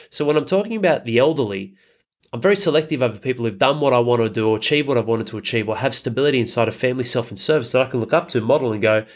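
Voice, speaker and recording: A man's voice: mid-range voice, very fast. A man, hosting a podcast and talking bluntly with heavy swearing in a casual motivational monologue. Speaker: podcast host.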